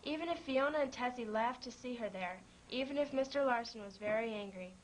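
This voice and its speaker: A woman reading a children's storybook aloud in a gentle manner, lightly voicing the characters. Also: fairly high pitch, a little fast, a little hiss or hum, rough recording.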